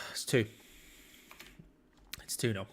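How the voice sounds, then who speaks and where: A man's voice: mid-range voice, animated, very slow, husky. A man hosting a live football watch-along, commenting on play to his chat in disbelief and laughing at bad defending.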